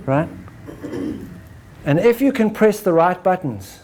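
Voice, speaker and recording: A man giving a lecture to an audience, animated, acting out examples and ending points with "right?". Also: high voice, slow pace, pauses often. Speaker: speaker.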